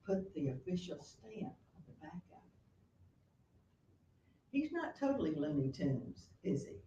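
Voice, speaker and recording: A woman teacher lecturing her class, retelling a play with lively storytelling and acted-out quotes. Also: lowish voice, slight background noise. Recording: roomy classroom from a distance.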